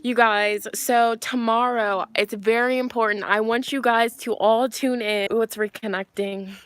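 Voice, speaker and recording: Young woman chatting on a phone live stream, slangy and loose, a bit high voiced. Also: fairly even intonation, a little slow, fairly bright tone, clean tone. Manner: chatty, slangy, reads viewer comments aloud. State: a little out of breath. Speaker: tarot reader hosting a live stream. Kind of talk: casual live-stream chat. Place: outdoors with spotty wifi.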